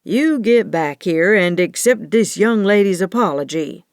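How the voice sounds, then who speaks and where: A woman narrator puts on an elderly male pastor in an audiobook, stern and commanding. He speaks slowly and scolds. The voice sits close and dry on the mic. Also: mid-range voice, lively intonation, no echo. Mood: scolding. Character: older male small-town pastor, stern.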